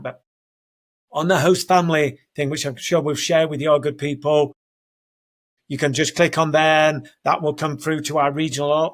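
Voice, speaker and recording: Man, Northern English accent, fifties, higher-pitched, rambling and chatty, self-correcting. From Northern England. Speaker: guest, soccer program leader. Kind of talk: conversational interview. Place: home, house in Denver.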